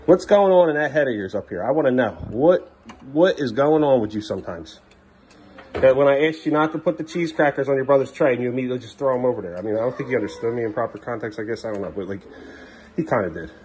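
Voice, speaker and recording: A tired father chats casually with his young kids in the family kitchen, weary and exasperated; he sometimes raises his voice at a defiant child and often trails off into a low mumble. He talks quickly, his tone is darkish, and there's a little hiss or hum.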